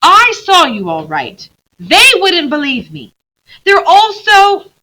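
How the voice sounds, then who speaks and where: A woman reading aloud and voicing a young girl, eager and emotional, pleading in a high, excited voice. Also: takes it slowly, heavily acted, poor audio.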